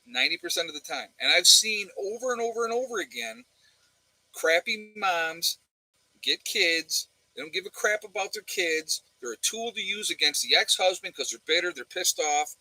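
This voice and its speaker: Man, middle-aged, blunt livestream talk, repeats for emphasis, fairly high pitch, very bright tone. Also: no echo, rough recording. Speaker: livestream co-host. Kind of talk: casual opinionated livestream chat.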